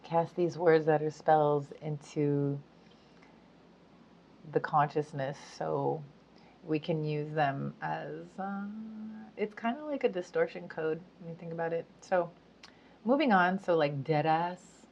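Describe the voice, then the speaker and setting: A woman with a low voice speaks at an unhurried pace in a loose, chatty monologue. She giggles often and fills pauses with ums and likes. The recording is dull and lo-fi. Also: vocal fry, a little mellow. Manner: chatty, giggly, many fillers. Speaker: spiritual speaker. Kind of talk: casual monologue to camera. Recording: dull lo-fi sound.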